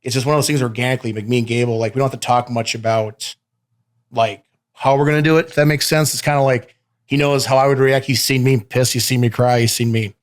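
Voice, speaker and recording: A man's voice: mid-range voice, fairly even intonation, fast talker. A man being interviewed in a casual sit-down chat. He talks in a rowdy, loose way, laughs often, swears freely and calls the host "babe". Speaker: professional wrestler guest. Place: interview studio.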